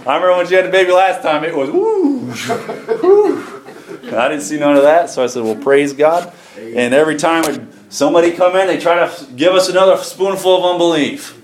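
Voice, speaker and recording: A man's voice: a little high, fast. A man pastoring from the pulpit, telling a testimony in a folksy, conversational way with frequent chuckles. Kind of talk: sermon testimony. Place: church sanctuary. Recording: echoey church room, faint music.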